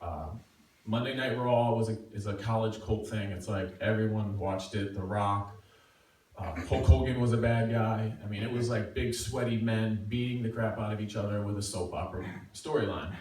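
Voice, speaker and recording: Brief: middle-aged man, mid-pitched, self-mocking storyteller, recorded far off in a very echoey room. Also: normal speed. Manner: self-mocking, animated, acting out quotes. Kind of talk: live personal storytelling. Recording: echoey room, far from mic, faint noise.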